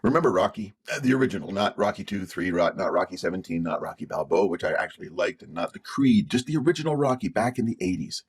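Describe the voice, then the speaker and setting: A man's voice: sits low, animated, quick pace, hardly any pauses, slightly rough. A man giving an emphatic motivational video talk, repeating his key phrases for emphasis. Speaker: motivational speaker.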